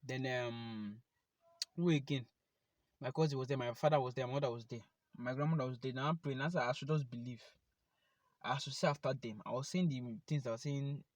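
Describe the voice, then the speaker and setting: A young man with a Nigerian accent gives a personal testimony to camera, animated and speaking straight to his viewers. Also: medium pitch, fairly quick, no echo. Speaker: vlogger.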